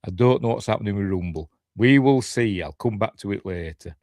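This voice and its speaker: Yorkshire man, tired, rambling live-stream host, low voice, dry close sound. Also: a little fast, a little mellow, no echo. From Yorkshire, England. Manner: rambling, self-deprecating, chuckling asides. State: tired, yawning. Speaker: YouTube host. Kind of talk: casual live-stream chat.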